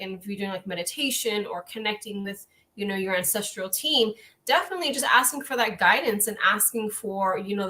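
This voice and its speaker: Woman, live oracle card reader, bright voice, gentle, earnest, rambling. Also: mid-range voice.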